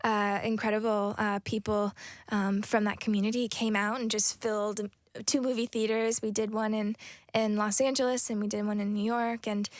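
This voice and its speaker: A young American woman in her twenties, an actress answering interview questions in a soft, thoughtful way with many pauses and restarts. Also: mid-range voice, little pitch movement, no room sound, clean studio sound. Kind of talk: casual interview chat.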